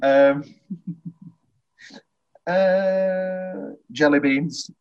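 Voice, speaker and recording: A man's voice: high-pitched, drawn-out words, smooth, muffled recording, faint music behind. A man co-hosting a casual film podcast, laughing often and acting out lines from the movie. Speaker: podcast co-host.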